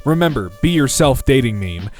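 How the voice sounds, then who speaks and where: Animated man narrating over music. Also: medium pitch, normal speed. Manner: animated, comic storytelling. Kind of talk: reading internet posts aloud. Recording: faint background music.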